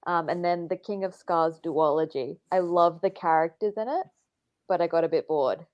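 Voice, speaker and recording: A woman chatting casually, measured and hesitant with frequent ums. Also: on the low side, a little mellow. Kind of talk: casual chat. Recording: muffled lo-fi audio.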